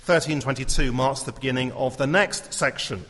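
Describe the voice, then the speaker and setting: A male pastor delivers his sermon in a measured, earnest way, slipping in gentle humour. His voice sits in a middle register. The sound rings in a large hall with a long reverb tail. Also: medium pitch, breathy edge.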